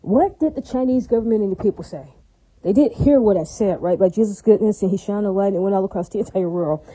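A woman delivering a rambling solo monologue at a quick clip. Her voice is very dark and mellow. She keeps repeating herself, drops in religious asides and checks that her listeners follow. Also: mid-range voice, slightly rough, low-quality recording. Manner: frequent religious interjections.

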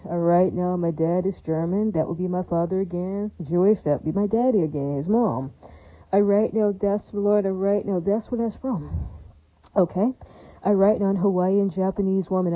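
In a dry, lo-fi recording, a woman with a fairly low voice speaks straight to camera in a rambling monologue. She repeats herself, speaks emphatically and fills it with fillers and religious exclamations.

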